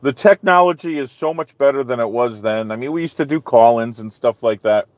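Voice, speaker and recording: A man's voice: mid-range voice, a little fast, dry recording, highs cut off. A man hosting a live stream, chatting casually with viewers in a rambling way full of "okay?" and "you know".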